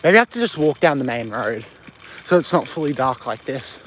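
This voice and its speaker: An Australian man chats on a live stream during a night walk down a windy street, reading out viewer comments and replying on his phone mic. His medium-pitched voice is sing-song and a little fast, with slight background noise.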